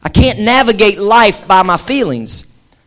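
Male pastor, high voice, lively conversational preaching with playful asides. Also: measured pace. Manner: lively preaching, jokes and quoted asides, varies pace. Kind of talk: sermon.

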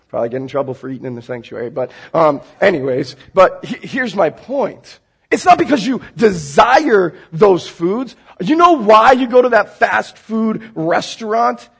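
A pastor preaches in a church sanctuary, animatedly telling everyday stories and acting out scenes as he goes. His voice sits high and sounds creaky and slightly rough.

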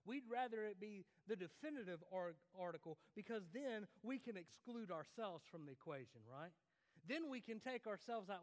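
Male pastor, high voice, lively sermon delivery, reverberant sanctuary. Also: normal speed. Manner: conversational preaching with repeated restarts, rising and dropping sharply for emphasis. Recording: long hall reverb.

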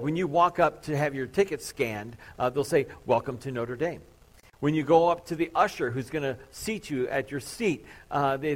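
Man in his thirties, pastor, sermon, casual storytelling, jokes at his own expense, mid-pitched voice. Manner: casual, joking, self-deprecating storytelling. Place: church sanctuary with a congregation.

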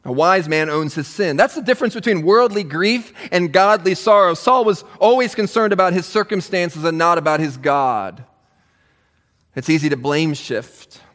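A man preaching a sermon as pastor, animated and emphatic, with touches of humor. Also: high-pitched, normal speed, in a large hall.

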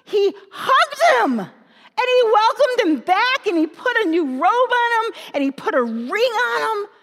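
A woman retelling a parable as a first-person story, in an animated, emotional way. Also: very high-pitched, a little slow. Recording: long hall reverb.

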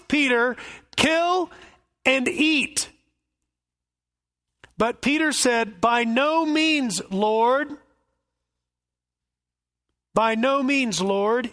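A man's voice: high voice, sharp tone. A male pastor giving an expository sermon with folksy asides and jokes.

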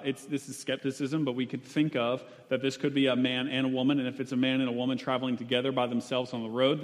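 A man preaching a sermon in a conversational way, with frequent fillers and restarts. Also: medium pitch. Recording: long hall reverb.

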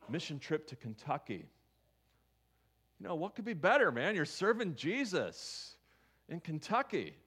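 A man's voice: fairly high pitch, big pitch swings, unhurried, long pauses, fairly bright tone, husky. A man preaching a sermon as pastor, talking conversationally and asking his listeners questions. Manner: conversational, asks the congregation questions.

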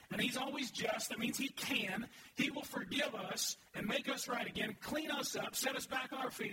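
High-voiced man preaching in echoey hall. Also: recorded from a distance, background noise. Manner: earnest, emphatic preaching with audience prompts. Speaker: pastor. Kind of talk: sermon. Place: large church sanctuary.

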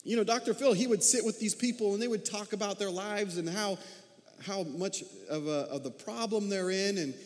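A fairly high-pitched man in his thirties preaches a sermon. He talks with animation and keeps asking his congregation questions. His voice rings with the long reverb of a big church hall. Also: normal speed. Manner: animated, asks the listeners many questions. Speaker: pastor.

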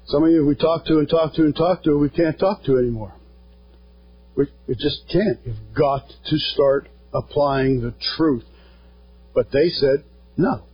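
A pastor preaching a sermon, earnest and plain-spoken, quoting scripture along the way. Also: male voice, fairly high pitch, a little slow, slightly rough, faint music behind. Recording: dull lo-fi sound.

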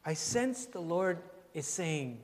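Gentle older pastor, echoey hall. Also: male voice, a little high, very animated. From Canada. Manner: gentle, unhurried, repeating phrases, often dropping very soft. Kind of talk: sermon and prayer. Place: church sanctuary. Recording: long hall reverb, faint ambience.

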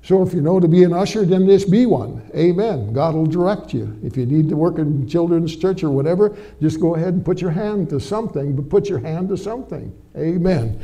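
A middle-aged preacher, a man with a fairly high but deeply mellow, dark-toned voice, delivers a sermon to his congregation. He talks in a folksy, conversational way, sprinkling in amens and little tag questions like he is chatting with old friends from the pulpit. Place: church before a live congregation.

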